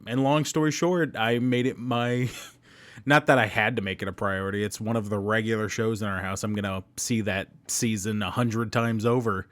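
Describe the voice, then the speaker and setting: A man's voice: fairly low pitch, fairly even intonation, moderate pace, no echo. A man in his thirties hosting a casual commentary monologue, chatty, laughing often and jumping into sudden emphasis. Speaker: show host.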